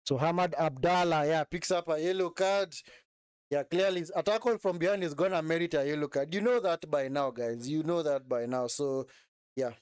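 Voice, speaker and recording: A man's voice: fairly high pitch, moderate pace, clear, resonant tone, dry recording, studio quality. A man hosting a live football watch-along, reacting to the match and asking viewers to subscribe. He repeats himself and keeps saying "man". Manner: animated, repeats phrases, says "man" often.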